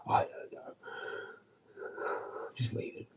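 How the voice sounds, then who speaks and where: A man's voice: mid-range voice, fairly even intonation, measured pace, long pauses, a little mellow, poor audio. A man rambling crudely on a livestream, swearing often and slipping into muttered asides. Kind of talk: rambling casual livestream chat.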